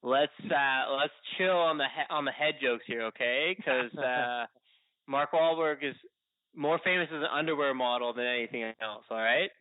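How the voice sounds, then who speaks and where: Co-host, male, mid-pitched, playful and opinionated, phone-like dry sound. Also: normal speed, no room sound. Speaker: podcast co-host. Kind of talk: casual chat. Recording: tinny phone-like line.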